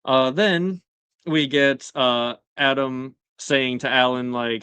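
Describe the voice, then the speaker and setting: A man's voice: medium pitch, fairly even intonation, sharp tone, clean tone, dry recording. Chatty man recapping an episode, clean voice. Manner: chatty, many fillers, paraphrases scenes with quick quoted lines. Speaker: show host.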